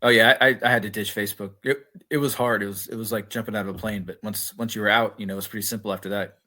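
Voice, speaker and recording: A male podcast guest who talks fast and has a low-pitched but bright, forward tone. He is friendly and chatty and answers the host in an easy conversational way. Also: steady tone. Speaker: podcast guest, military veteran. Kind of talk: casual conversational chat.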